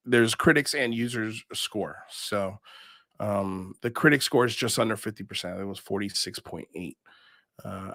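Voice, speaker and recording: A man's voice: mid-range voice, no room sound, studio quality. A man hosting a livestream, reading chat comments and rambling casually with lots of fillers. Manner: rambling, animated, frequent fillers and laughs. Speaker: show host reading live chat.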